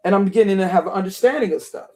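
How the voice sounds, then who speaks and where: A man's voice: high-pitched, rapid-fire, darkish tone. A man from Chicago talking casually to his audience, rambling, repeating words and laughing often. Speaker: online talk host. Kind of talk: casual monologue.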